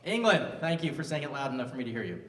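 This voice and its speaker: A man's voice: medium pitch, very animated, rapid-fire, a bit bright, a little hiss or hum. A man in his fifties doing a live stand-up set on a stage mic, self-mocking and bantering with the crowd. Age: 50s. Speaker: stand-up comedian. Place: large live music venue on stage. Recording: roomy venue sound from a distance.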